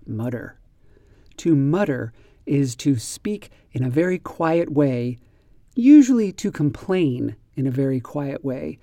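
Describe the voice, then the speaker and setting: A man teaching an English vocabulary lesson, spelling each word slowly and acting out examples. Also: medium pitch, vocal fry, warm tone, no echo.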